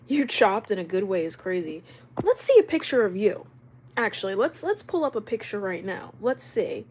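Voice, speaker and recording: A young woman talks straight to her camera during a casual live stream at home. She reads out viewer comments and answers them with quick, laughing retorts. Her voice sits in a middle register, and a faint background hum runs under it. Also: mid-range voice, big pitch swings, darkish tone. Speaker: livestreamer. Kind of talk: casual livestream chat reading comments. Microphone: camera mic while live streaming.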